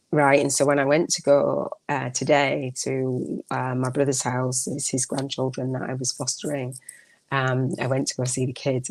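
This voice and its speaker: A woman's voice: rumbling low, vocal fry, darkish tone, dry recording. A woman hosting a podcast, talking in a rambling, heartfelt way and often correcting herself mid-sentence. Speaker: podcast host. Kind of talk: casual monologue.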